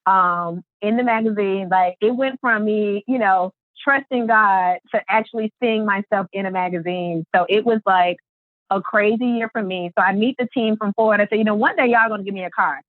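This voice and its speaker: A woman guest on a podcast, telling her story in an animated way and acting out the quotes. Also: medium pitch, moderate pace, dry recording. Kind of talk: storytelling interview. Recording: tinny phone-line sound.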